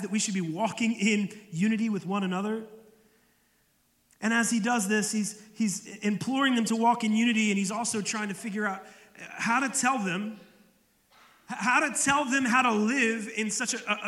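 A man preaching a sermon with a very high, bright voice. He talks in a loose, conversational way and often repeats a word as he gets going. The sound rings around a roomy church hall with a long reverb. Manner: conversational, repeats words when starting phrases. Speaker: pastor.

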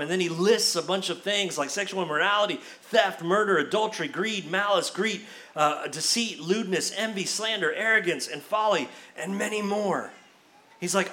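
Bright-voiced, lively man preaching. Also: high-pitched. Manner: animated, conversational preaching with casual asides. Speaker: pastor. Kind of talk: sermon.

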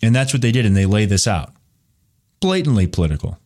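A man's voice: lowish voice, animated, brisk, a little mellow. A man hosting a live commentary show, talking in a rambling way with many fillers and reading viewer questions from the chat. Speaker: show host.

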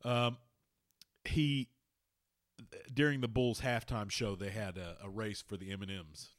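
A man co-hosting a casual sports podcast, swearing freely and telling stories with lively quoted voices. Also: fairly low pitch, a little slow. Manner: profane, animated storytelling. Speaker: podcast co-host.

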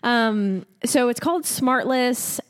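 A woman's voice: a little high, slow, big-room sound. A woman co-hosting a podcast in casual chat, talking in a chatty and opinionated way with plenty of fillers. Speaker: podcast co-host.

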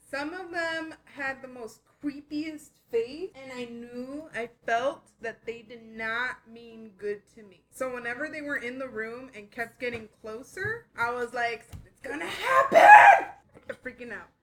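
A woman in casual podcast chat, earnestly telling a personal story at an unhurried pace. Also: fairly high pitch, fairly bright tone, low-quality recording.

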